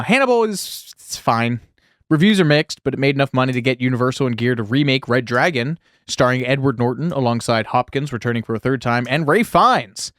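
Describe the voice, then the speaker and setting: A man's voice: medium pitch, a bit bright, dry recording, clean studio sound. A man co-hosting a casual podcast, reading out film history with wry, sarcastic asides. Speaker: podcast co-host.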